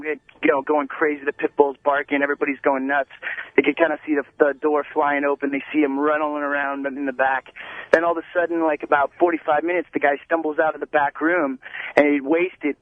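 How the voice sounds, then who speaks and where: Man, caller, tinny phone line, somewhat high voice, rambling joke telling, lots of fillers. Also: no echo. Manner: rambling, full of fillers like "you know" and "he's like".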